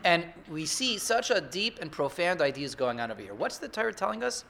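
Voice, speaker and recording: High-pitched, bright-voiced rabbi giving a sermon. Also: male voice, brisk, vocal fry, a little hiss or hum. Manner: rhetorical, builds to excited emphasis. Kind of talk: Torah sermon.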